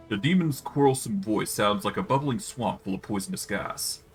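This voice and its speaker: A man streaming a video game, reading its narration aloud in a lively way. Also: on the low side, normal speed, faint music behind.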